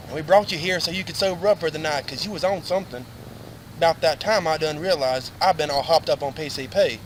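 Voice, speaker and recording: A man playing a crude, excitable redneck telling a rambling comic story with lots of cursing. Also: a little high, a little fast, slight background noise, low-quality recording. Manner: crude, excitable, Southern-style drawl with cursing. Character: rowdy redneck drunk named Randy. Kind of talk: comedic rambling monologue.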